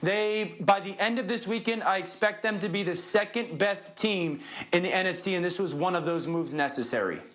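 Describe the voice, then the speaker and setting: A man on a sports debate panel, making confident predictions and firing off quick jabs. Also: high voice, fairly bright tone.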